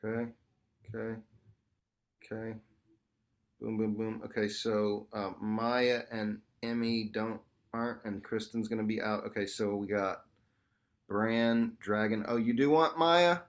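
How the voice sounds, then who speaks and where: A man's voice: fairly low pitch, steady tone, unhurried. A man leading a group workshop over a video call, talking casually and animatedly, calling the group "y'all". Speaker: workshop facilitator. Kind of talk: online group workshop teaching.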